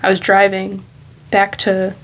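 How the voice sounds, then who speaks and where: A woman vlogging in a loose, rambling way, thinking aloud and speaking candidly at an ordinary, middle pitch. A faint hiss of background noise sits beneath her voice. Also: monotone, unhurried, poor audio. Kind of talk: casual reflective monologue.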